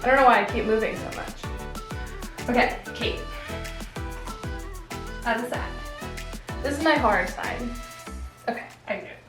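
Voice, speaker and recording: A woman's voice: on the high side, measured pace, long pauses. A woman fitness vlogger talking casually while straining through an exercise she demonstrates. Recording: echoey room with music behind.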